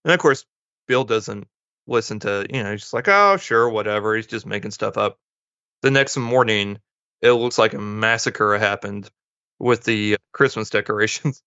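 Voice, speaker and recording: A man's voice: on the low side, steady tone, moderate pace, fairly bright tone, clear, resonant tone, no echo. A man co-hosting a podcast, casually retelling a movie plot and acting out the characters' lines in passing. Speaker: podcast co-host. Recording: dull lo-fi dry sound.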